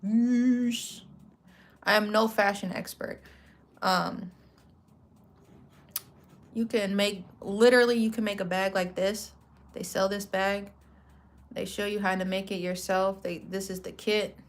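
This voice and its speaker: A woman in her thirties talks through a craft vlog in easy, slang-filled chatter. She rambles and corrects herself as she goes, at a middling pitch for a woman. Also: unhurried, long pauses. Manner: relaxed slang-filled talk. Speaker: craft vlogger. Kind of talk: casual chatty product walkthrough.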